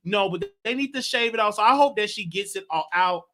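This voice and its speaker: A man hosting a talk show, giving animated, emotional commentary on celebrity news with drawn-out phrasing and laughter. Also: high voice.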